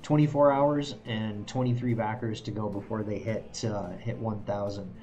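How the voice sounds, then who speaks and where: A man's voice: on the low side, steady tone, normal speed, mellow, highs cut off. A man streaming a video game, chatting casually, poking fun at his own failures and chuckling often. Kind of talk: casual live-stream commentary while playing. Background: faint game music.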